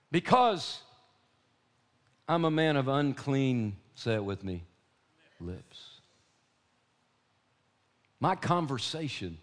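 A pastor preaching a sermon, a man with an emphatic, repetitive delivery that swings from hushed to loud. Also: mid-range voice.

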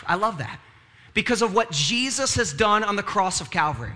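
A man's voice: high voice, sing-song, moderate pace, sharp tone. A male pastor preaching a sermon in a conversational way, with frequent "right?" asides and moments of rising fervor.

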